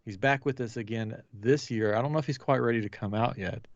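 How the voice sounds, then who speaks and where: A man's voice: medium pitch, brisk, no room sound, muffled recording. A man hosting a casual live podcast, laughing often and restarting his intro. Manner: giggly, animated, keeps restarting. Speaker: podcast host.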